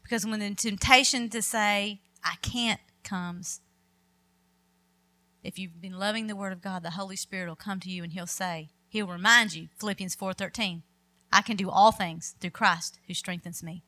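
A woman's voice: medium pitch, moderate pace, sharp tone. A middle-aged woman preaching a sermon, emphatic and quoting scripture with rising force.

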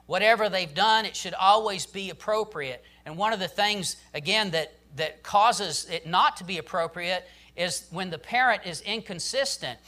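Man, preacher, sermon, emphatic, high voice, bright tone. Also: normal speed, hardly any pauses. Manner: emphatic, repeats "listen" and "I'm telling you".

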